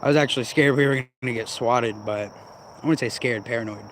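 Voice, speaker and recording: A man's voice: medium pitch, brisk, fairly bright tone, slight background noise. Man ranting profanely in a rambling vlog. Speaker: vlogger.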